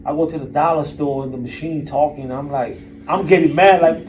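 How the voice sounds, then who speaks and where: A man in his fifties gives a frank talk at a university event, blunt and casual, with a bit of swearing. His voice sits slightly high for a man. The mic picks him up from some distance, with a faint hiss of background noise. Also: brisk, hardly any pauses. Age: 50s. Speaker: guest speaker. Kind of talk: candid personal talk to an audience.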